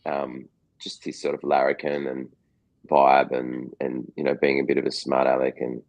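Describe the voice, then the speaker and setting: A man with a strong Australian accent and an extremely low voice sits as the guest in a casual interview. He talks in loose, rambling runs, often stopping to repeat a word before finding his thought. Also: completely flat delivery, moderate pace, creaky, a little mellow. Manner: rambling, full of restarts and repeated words. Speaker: guest actor.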